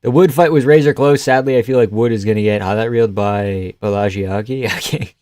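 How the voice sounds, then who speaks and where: A man's voice: fairly low pitch, brisk, a little mellow, no room sound, studio quality. A young man hosting a casual live stream, laughing often and swearing easily as he reacts to the chat.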